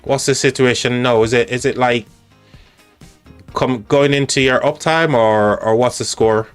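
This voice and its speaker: A man with an English accent hosting a live stream, chatting casually in a halting way with frequent restarts. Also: medium pitch, steady tone, smooth, soft background music.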